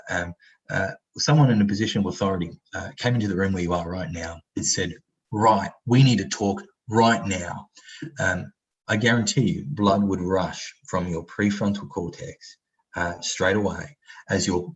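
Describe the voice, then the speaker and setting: A man's voice: low voice, highs cut off. A man facilitating an online training workshop, talking casually with lots of fillers and acting out example voices. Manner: conversational, many fillers, acts out example voices.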